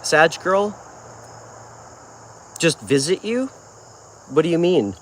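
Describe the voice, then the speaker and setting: A man's voice: on the high side, sing-song, slow pace, a little hiss or hum. A man hosting a casual live tarot stream, talking in a friendly, chatty way as he answers viewers' comments. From New York. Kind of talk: casual livestream chat with viewers.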